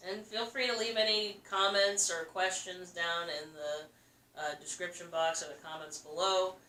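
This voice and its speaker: Woman co-host, lower pitch but bright tone, cheerful asides, distant roomy recording. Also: fairly even intonation, normal speed, slight background noise. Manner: affirming, laughs often, friendly asides. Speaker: podcast co-host. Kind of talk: casual chat. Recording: roomy, distant mic, faint ambience.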